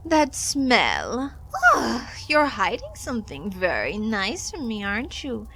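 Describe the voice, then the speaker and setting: A woman voicing a greedy, gluttonous female bug creature in a game, drawling slow and coaxing in a sing-song way. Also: fairly high pitch, huge pitch swings, noisy background, pitched above the performer's own voice, heavily acted. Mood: wheedling. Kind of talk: reading game dialogue aloud in a voice.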